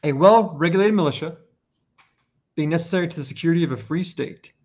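A man's voice: a little high, fast talker, darkish tone. Earnest man presenting on a podcast. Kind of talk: casual podcast talk. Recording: lo-fi muffled audio.

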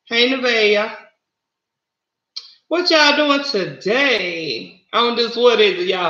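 A chatty Southern woman hosting a livestream, folksy and warm with her viewers in a casual way. Her voice is very bright and forceful, caught in a roomy space with a slightly dull, lo-fi tone. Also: on the high side, slow pace. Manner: chatty, folksy, calls viewers honey and y'all. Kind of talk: casual live-stream chat.

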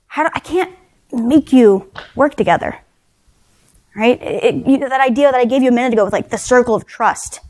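A woman in her thirties addressing a conference room full of people. She sounds fairly high-pitched and casual, constantly checking in with the audience with a quick "right?" and slipping in dry, self-deprecating jokes. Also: a little mellow. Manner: conversational, frequent "right?" tag questions. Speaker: conference speaker. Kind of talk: leadership talk to a live audience.

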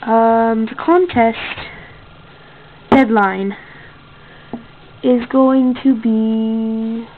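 A woman's voice: on the high side, extremely slow, long pauses, phone-quality sound, slight background noise. A female contest host in a casual home video, rambling and correcting herself often. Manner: rambling, with many fillers and self-corrections.

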